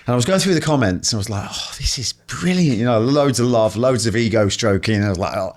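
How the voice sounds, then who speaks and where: A man, a podcast guest and author, telling animated anecdotes full of swearing and acted-out quotes. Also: on the low side, quick pace. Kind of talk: casual storytelling conversation.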